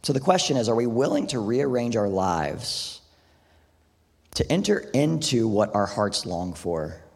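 A man's voice: medium pitch, sing-song, measured pace, creaky, a little mellow, slightly rough. A man preaching a sermon in a casual, conversational way, often saying "like" and "right?". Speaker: pastor. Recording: long hall reverb.

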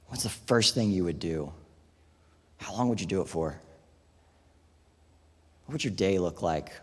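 A man's voice: on the low side, darkish tone, breathy edge. A man preaching a sermon in a casual, conversational way, often saying "like" and "right?". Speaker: pastor. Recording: long hall reverb.

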